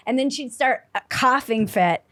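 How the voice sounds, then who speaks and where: A middle-aged woman hosting a podcast, telling stories in a casual, animated way and acting out the people in them. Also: sits high, moderate pace, no echo. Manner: animated storyteller, acts out voices. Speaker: podcast host. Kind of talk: casual storytelling chat.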